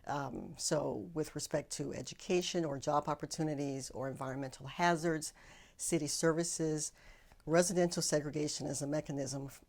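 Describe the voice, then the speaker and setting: A woman answering interview questions as an expert, speaking carefully and deliberately, pausing to rephrase. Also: low voice, a little mellow. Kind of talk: measured academic explanation.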